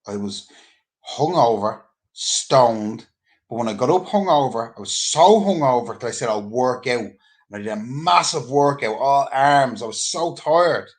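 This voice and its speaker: A man with an Irish accent telling a casual anecdote in an animated, rambling way, full of swearing. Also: medium pitch, measured pace. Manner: animated, profane, rambling storyteller.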